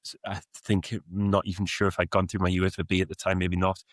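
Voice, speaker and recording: A man in his thirties with a softened Geordie accent, reflecting on his coaching path in a casual podcast interview, rambling with many fillers. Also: low voice, completely flat delivery, quick pace, no room sound. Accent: Geordie, softened by years in the US. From Newcastle, England. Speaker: guest, football coach.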